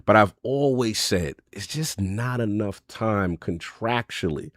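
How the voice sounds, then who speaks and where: A man's voice: lowish voice, lively intonation, slow, fairly bright tone, no echo, studio quality. A man hosting a gaming podcast in casual chat, rambling through his points with sayings and analogies. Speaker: podcast host.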